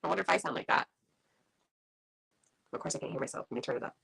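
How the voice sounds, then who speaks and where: Woman guest on a video call, brisk and husky, bright tone, keeps chiming in. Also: sits low, low-quality recording. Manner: quick, agreeable, interjects often. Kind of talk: casual live-stream chat.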